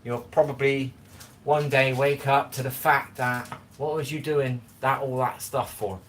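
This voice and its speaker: A man of average pitch talks loosely and at length to his live-stream chat from his home kitchen. He rambles from one thought to the next and drops the odd blunt swear word. A faint background hiss sits under the voice. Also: fairly even intonation, a little slow, a bit bright. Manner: rambling, chatty, talks straight to viewers in chat. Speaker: livestream host. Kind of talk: casual live-stream chat while cooking.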